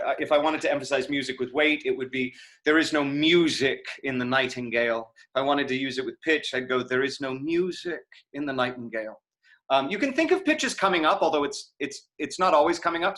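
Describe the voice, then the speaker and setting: During a live Q&A for an online acting class, a man fields questions from the chat. His voice sits at medium pitch with a bit of brightness, and he talks casually, working things out aloud with frequent fillers and false starts.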